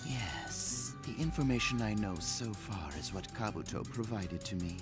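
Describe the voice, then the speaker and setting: Play a man as a sinister, scholarly snake of a villain: mocking, savoring each word, pitch rolling up and down, loud game music underneath. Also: animated, normal speed, close to an everyday voice. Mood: curious. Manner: smooth, mocking, relishing. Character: sly sinister male snake-like ninja scholar.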